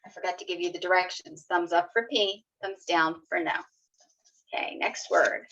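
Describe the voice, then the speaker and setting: A woman teaching young children letter sounds in an online lesson, slow and encouraging, sounding out each letter. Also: lowish voice, steady tone, fairly bright tone. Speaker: kindergarten teacher. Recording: slightly dull lo-fi video audio.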